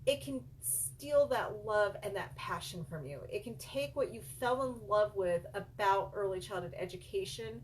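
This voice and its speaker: A woman's voice: mid-range voice, animated, normal speed, few pauses, slight background noise. A middle-aged woman, a child care business coach and center owner, earnestly telling a personal story straight to her viewers, calling them "you guys.".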